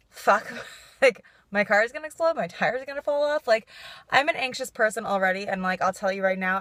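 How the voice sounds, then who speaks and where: A woman's voice: mid-range voice, a bit bright, dry recording. A young woman vlogging in a casual, chatty way, saying "like" constantly and laughing through her frustration. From New York. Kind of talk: casual vlog chat.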